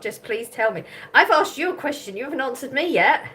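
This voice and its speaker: Woman streamer chatting live, fairly high voice, laughs a lot, bit of hiss behind. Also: animated, fairly quick, hardly any pauses, sharp tone. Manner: chatty, teasing, laughs often. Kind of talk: live chat stream, reading and answering comments.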